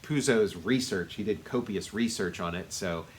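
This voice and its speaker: A man's voice: on the low side, normal speed, slight background noise. A man co-hosting a casual movie review podcast, rambling and circling back with many fillers. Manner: rambling, lots of fillers and restarts. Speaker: podcast co-host.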